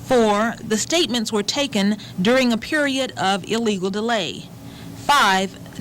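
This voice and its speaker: A woman narrating a public television documentary in a measured, formal reading. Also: medium pitch, a bit bright, a little hiss or hum, poor audio. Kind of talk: scripted narration.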